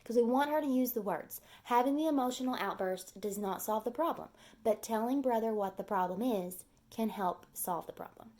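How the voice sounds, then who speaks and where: A woman teacher talks parents through handling sibling fights. Her voice sits a little high, and her delivery stays calm and measured. She repeats her key phrases and fills pauses with ums. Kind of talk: parenting advice talk.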